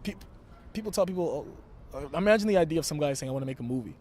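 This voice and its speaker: A man's voice: on the high side, lively intonation, rapid-fire, a little mellow, a little hiss or hum. A young man from Brooklyn, talking brashly and emphatically as a wrestler guest in an interview. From Brooklyn, New York. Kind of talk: interview talk.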